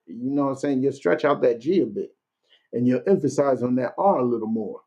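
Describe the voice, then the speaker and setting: A man leading a casual streamed Bible class, talking conversationally and reading verses out slowly. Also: medium pitch, dark tone, breathy edge, highs cut off. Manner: conversational, keeps asking "you know what I'm saying"; reads verses slowly and deliberately.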